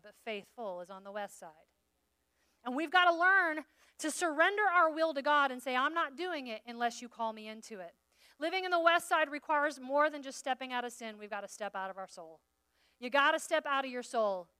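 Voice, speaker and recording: Animated bright-voiced woman preaching. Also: sits high, no room sound, clean studio sound. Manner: animated, playful preaching with acted asides. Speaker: conference speaker. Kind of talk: sermon. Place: conference room.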